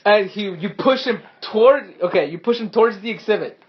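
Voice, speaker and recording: A man narrating a tabletop game as game master, animated and quick to laugh at himself. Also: high-pitched, highs cut off. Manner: animated, breaks into laughing asides.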